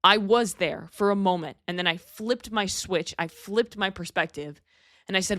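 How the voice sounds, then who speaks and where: This podcast host, a young adult woman, speaks at normal speed with a medium pitch and a fairly bright tone. The recording is dry and clean, studio quality, as she offers an earnest, candid pep talk sprinkled with casual swearing.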